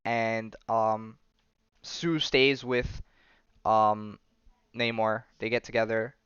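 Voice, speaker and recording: A man's voice: lowish voice, steady tone, takes it slowly, a bit bright, smooth, no echo, highs cut off. A man hosting a podcast, recapping comics in casual chat full of fillers and restarts. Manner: rambling, many fillers and restarts. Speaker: podcast host.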